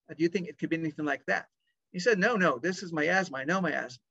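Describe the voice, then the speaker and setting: Fifty-something male doctor, animated storyteller, muffled lo-fi sound. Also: on the high side, fairly quick, dry recording. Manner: animated storyteller acting out dialogue. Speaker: pediatric lung doctor. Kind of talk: storytelling talk. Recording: dry, dull lo-fi sound.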